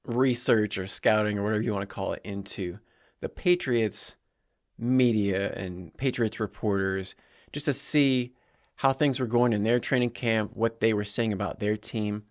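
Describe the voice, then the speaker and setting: Male podcast host, lowish voice, casual and animated sports commentary. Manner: conversational, animated, with asides and small laughs.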